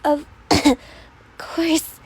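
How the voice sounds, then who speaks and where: A woman's voice: sits high, little pitch movement, extremely slow, voice pushed up, exaggerated voice. Woman doing Toga, giggly obsessive villain girl. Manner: eager, breathless devotion.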